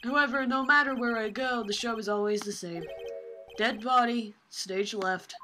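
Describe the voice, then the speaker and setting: A woman playing a gruff, tired detective. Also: on the high side, moderate pace, over music, natural voice, poor audio. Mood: grumbling. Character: gruff hardworking male police detective.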